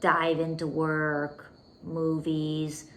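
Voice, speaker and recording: A woman's low, monotone voice draws out her words over slight background noise as she hosts a relationship podcast. She delivers an intimate, emphatic coaching monologue, calling the listener "baby" and falling to a whisper for emphasis.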